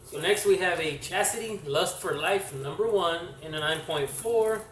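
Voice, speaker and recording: A man talks loosely and haltingly, stopping for fillers and correcting himself as he goes. His voice sits a little high and comes from some distance off the mic. The room around him rings with echo, and a faint hiss runs under it. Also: a bit bright. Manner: rambling, halting, lots of fillers and self-corrections. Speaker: comic collector vlogger. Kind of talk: casual show-and-tell vlog.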